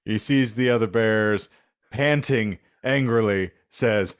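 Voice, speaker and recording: Slow, deliberate man narrating his character. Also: lowish voice, clear, resonant tone. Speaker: player.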